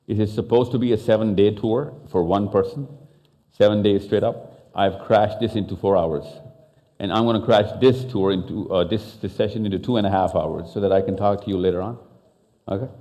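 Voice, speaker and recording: A man from Pakistan speaking on stage at a live talk, fast and interactive, mixing English and Urdu as he questions the audience. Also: fairly low pitch, dark tone. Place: stage in a large hall.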